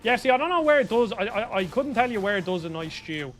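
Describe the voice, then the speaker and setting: Young Irish man, streamer, high voice, rambling casual chat over faint music. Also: big pitch swings, fast talker. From Ireland. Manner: chatty, rambling, answers viewers by name.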